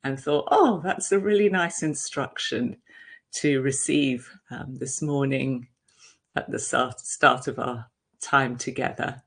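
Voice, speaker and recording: A woman meditation teacher giving a dharma talk over a video call, gentle and reflective, with soft hesitations. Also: rumbling low, fairly even intonation, takes it slowly.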